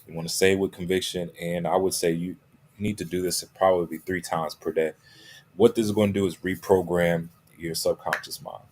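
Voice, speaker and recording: A man's voice: deep voice, flat delivery, fairly quick, darkish tone, slight background noise. A man giving a motivational talk as a coach. He stresses his key phrases and keeps checking in with "right?" and "okay?". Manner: emphatic, repeats key phrases.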